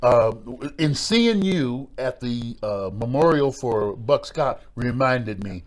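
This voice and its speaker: A middle-aged man spins stories from his wrestling days, his pitch leaping up and down as he acts out voices. He talks in an animated, repetitive way. His voice sits in an ordinary middle register. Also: slow pace. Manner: animated storyteller, acts out voices, repeats words. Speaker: former pro wrestler and football player, interview guest. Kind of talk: storytelling in a podcast interview.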